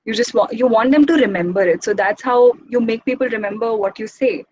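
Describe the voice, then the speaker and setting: A young woman giving an informal talk as guest speaker, speaking quickly in a chatty, encouraging way. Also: a little high, a little mellow, a little hiss or hum, poor audio. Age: young adult.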